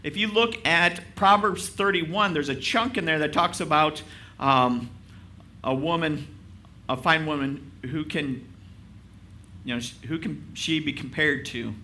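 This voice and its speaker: Male pastor, casual sermon, self-deprecating, rhetorical questions, bright forceful voice, faint ambience. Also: fairly high pitch, a little slow, a little hiss or hum. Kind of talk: conversational sermon.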